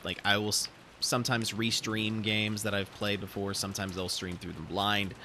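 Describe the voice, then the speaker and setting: A man's voice: on the low side, flat delivery, normal speed, pushed and bright, a little hiss or hum. A man streaming himself reading a visual novel aloud, chatting in a rambling way with lots of fillers. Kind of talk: casual live-stream reading and chat.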